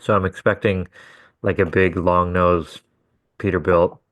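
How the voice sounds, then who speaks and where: Guy with a real low voice, swears a lot telling work stories on a podcast. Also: level tone, measured pace, fairly bright tone. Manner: swearing, acts out quotes. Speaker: podcast co-host. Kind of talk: casual storytelling.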